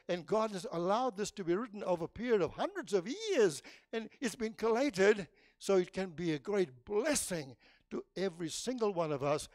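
A man preaching a sermon in church, emphatic and animated, rising and dropping sharply and restarting his phrases often. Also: sits high, no echo, clean studio sound.

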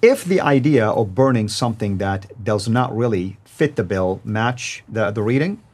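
Lower-voiced man, measured. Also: animated, a little mellow, slightly rough. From Saudi Arabia. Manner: measured, with frequent hesitations. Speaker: guest scholar. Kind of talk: interview answers.

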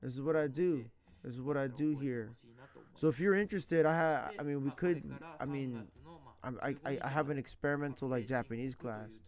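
A man's voice: mid-range voice, fairly quick, a little mellow. A man in his thirties chatting casually as a language teacher streaming online, slangy, rambling and earnest. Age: 30s. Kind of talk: casual chat.

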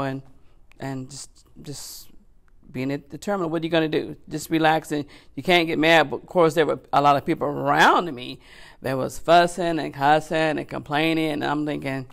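A woman telling a personal church testimony in a lively, conversational way, acting out her own thoughts with frequent "you know" and "okay.". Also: low-pitched, a little fast, gravelly. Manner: animated, acts out her own inner thoughts. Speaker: church member giving a testimony.

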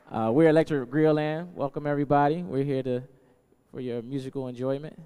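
Energetic male musician leading audience chants; smooth voice, long hall reverb. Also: mid-range voice, normal speed. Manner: energetic, hyping up the crowd. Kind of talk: call and response with a crowd.

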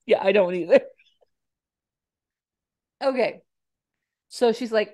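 A woman's voice: medium pitch, slow pace, darkish tone. A young woman co-hosts a casual podcast, her voice sitting in a middle register. She recaps a film in a chatty, giggly way and briefly acts out the characters' lines. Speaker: podcast co-host. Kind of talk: casual movie recap chat.

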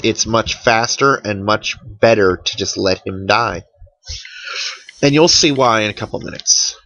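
A man's voice: medium pitch, pushed and bright, dry recording, muffled recording. A man giving casual, wry commentary over a game he is playing, sounding worn out. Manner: chatty, wry, tired and yawning. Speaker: let's play commentator.

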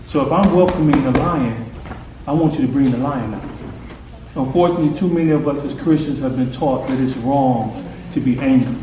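A man's voice: mid-range voice, brisk, dull audio. A man coaching a boy in a hands-on faith session, urgent and encouraging, pushing him on with short commands. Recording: echoey room, distant mic, noisy.

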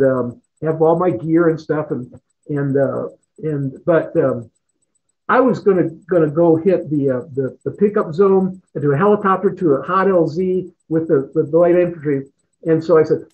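A middle-aged man telling stories as an interview guest, rambling, repeating words and chuckling often. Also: fairly high pitch. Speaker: guest, retired fighter pilot. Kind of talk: casual storytelling in an interview. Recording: tinny phone-like line.

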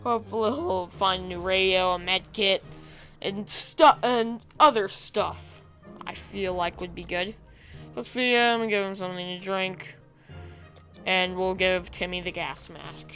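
Hoarse, excitable woman gamer. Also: medium pitch, a little slow, soft background music. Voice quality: raspy. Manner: chatty, thinks aloud, bursts into excited cheering. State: hoarse from being sick. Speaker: gaming video creator. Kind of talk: casual let's-play commentary.

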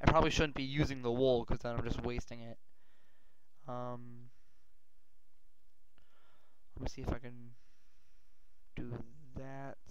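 A male gaming host giving rambling gameplay commentary, often yelling and swearing in panic. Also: mid-range voice, unhurried, pauses often, noisy background. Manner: rambling, excitable, yells and swears when panicked. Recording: dull lo-fi mic.

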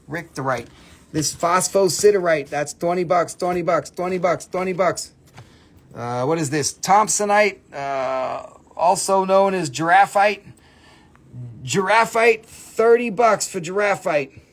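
A man runs a live sale stream from his phone indoors, reeling off prices one after another. His voice sits a touch high for a man, and he keeps up a loose, playful patter between items. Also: a bit bright. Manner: chatty, rattles off prices, playful asides. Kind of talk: casual live-stream selling. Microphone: phone camera.

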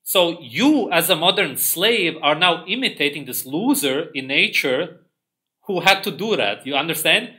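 A man's voice: a little high, animated, moderate pace, bright, forceful tone. A man hosting a livestream, ranting in a contemptuous monologue. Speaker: livestream host.

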